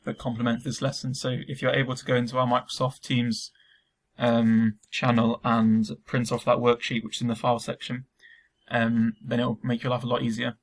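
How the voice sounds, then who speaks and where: Young male teacher recording a remote lesson, gravelly and flat, relaxed with frequent ums. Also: mid-range voice, moderate pace. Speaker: school Spanish teacher.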